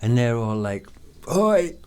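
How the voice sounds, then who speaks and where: English man, English accent, unhurried drawl, rambling, lots of fillers and swearing. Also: mid-range voice, darkish tone. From England. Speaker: podcast guest. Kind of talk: casual chat.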